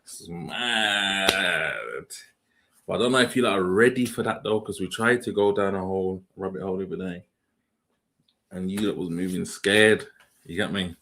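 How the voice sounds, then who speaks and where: Deep-voiced young man. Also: steady tone, a little fast, fairly bright tone, a little hiss or hum. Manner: slangy, rambling, asks the chat questions. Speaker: livestream host. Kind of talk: casual reaction livestream chat.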